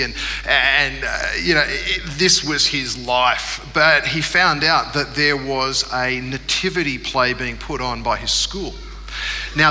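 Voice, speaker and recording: A man, preaching a sermon as a pastor and telling a humorous story in a lively way. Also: fairly high pitch, in a large hall, a little hiss or hum. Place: church.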